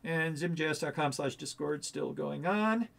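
A man's voice: fairly high pitch, moderate pace, gravelly, a bit bright. A man hosting a coding tutorial, talking through a screen-share walkthrough in a casual, rambling, thinking-aloud way.

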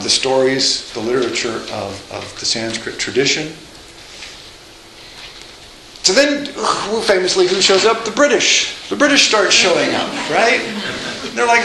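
A man lecturing a college class live, lively and joking, with asides and frequent restarts. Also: a little high, a little hiss or hum. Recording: echoey lecture room.

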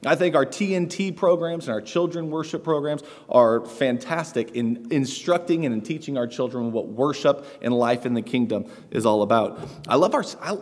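A man delivers a sermon in an earnest, conversational way, with easy fillers and the odd light laugh. His voice sits at an ordinary middle pitch. It rings out with the long reverb of a church hall. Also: moderate pace, hardly any pauses. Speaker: preacher. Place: church sanctuary.

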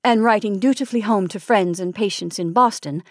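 A woman from the San Francisco Bay Area reading vintage short stories aloud in a measured storytelling manner, lightly voicing the dialogue. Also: mid-range voice, no room sound, clean studio sound. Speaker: narrator.

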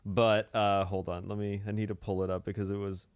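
A man co-hosting a podcast who tells an animated story in casual chat and slips into voices for the people he quotes. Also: on the low side, fairly quick, no room sound. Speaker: podcast co-host.

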